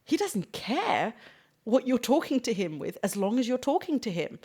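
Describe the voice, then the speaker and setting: A woman's voice: fairly high pitch, sing-song, moderate pace, a little mellow, breathy edge. A young woman hosting a podcast, talking casually and candidly about prayer, laughing often and using lots of fillers. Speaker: podcast host. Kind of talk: casual faith talk.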